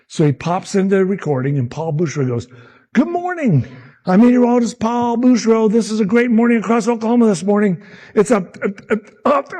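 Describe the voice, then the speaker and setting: A man in his sixties, a meteorologist telling animated stories about his early career and acting out the people he quotes. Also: a little high. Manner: animated anecdotes, acts out quotes. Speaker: meteorologist speaker at a summit. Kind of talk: storytelling talk.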